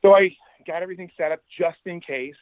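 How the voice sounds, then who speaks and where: Middle-aged male guest, animated storyteller, slightly high voice, dry phone-like audio. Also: fast talker, no echo. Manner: animated, anecdotal, quotes people in his stories. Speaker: podcast guest. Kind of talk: casual storytelling interview. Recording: dry, tinny phone-like line.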